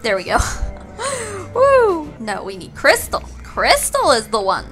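A woman hosting a gaming channel, giving animated let's-play commentary and swearing and exclaiming at the game. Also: on the high side, measured pace, faint music behind.

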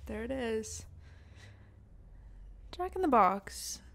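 A woman's voice: a little high, very animated, extremely slow, vocal fry. A woman hosting a gaming channel, giving reactive let's play commentary, often apologizing to the game's characters and talking straight to them.

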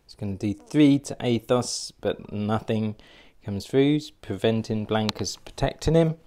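A man's voice: on the low side, unhurried, dark tone. A man narrating a solo board game playthrough, thinking aloud and hesitating with fillers as he works out each move.

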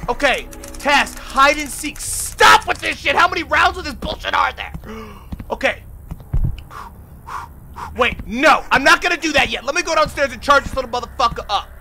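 A man doing excitable, profane let's play commentary on a horror game, yelling at the game and talking to viewers as "y'all". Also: very high voice, slight background noise. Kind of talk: casual gameplay commentary. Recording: game music loud behind the voice. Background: horror game music.

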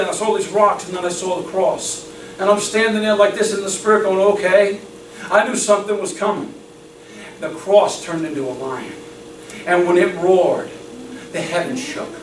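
Man, preacher, sermon, fervent, laughs often, very high pitch, faint background noise. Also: a bit bright. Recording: echoey room, mic far off.

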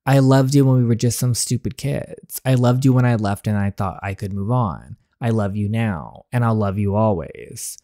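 A man reading the lines of a tearful young woman confessing her love, in a soft, earnest voice. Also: fairly low pitch, moderate pace, hardly any pauses, dry recording, clean studio sound, close to an everyday voice. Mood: tender. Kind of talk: reading game dialogue aloud.

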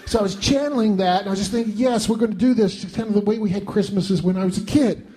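A middle-aged man telling a self-deprecating comic monologue in an animated way. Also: high-pitched, quick pace. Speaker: storyteller.

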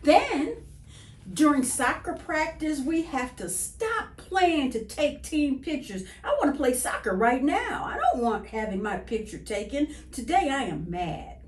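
A woman reading a children's picture book aloud in an expressive, sing-song way. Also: sits high, measured pace. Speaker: children's story reader. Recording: echoey room.

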